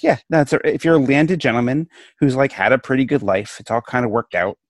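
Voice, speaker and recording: A man's voice: medium pitch, lively intonation, fast talker, dry recording. A man talking as a law professor in a casual podcast discussion, chatty and playful, with many restarts.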